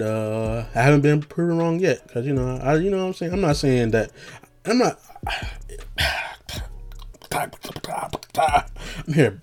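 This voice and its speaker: A man's voice: mid-range voice, darkish tone. A young man talking in a loose, rambling monologue, joking and full of slang and fillers. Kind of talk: casual monologue.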